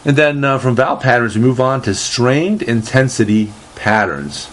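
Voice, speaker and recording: A man hosting a casual solo talk show, reading aloud haltingly with lots of fillers and restarts, and a dry, deadpan humor. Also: mid-range voice. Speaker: host.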